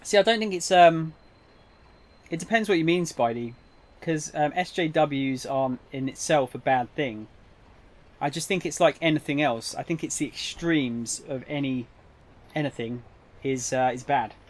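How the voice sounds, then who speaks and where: A man's voice: a little high, normal speed. A young man streaming a game, chatting casually with viewers in a rambling, hesitant way. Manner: rambling, hesitant, lots of fillers and restarts. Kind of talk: casual live-stream chat.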